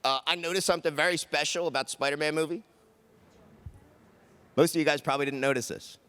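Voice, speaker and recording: A man's voice: fairly high pitch, fairly even intonation, fast talker, sharp tone, smooth. A man doing a stand-up comedy set on a conference stage, chatting with the crowd and acting out quoted voices.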